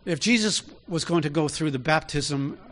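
A man's voice: a little high, moderate pace, a bit bright. A man preaching a sermon in an easy, conversational way, often asking his listeners direct questions.

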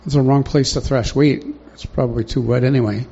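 Gravelly, dark-voiced male preacher. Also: medium pitch, steady tone, brisk. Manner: conversational, asks the congregation questions. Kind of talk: sermon. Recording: dull lo-fi recording.

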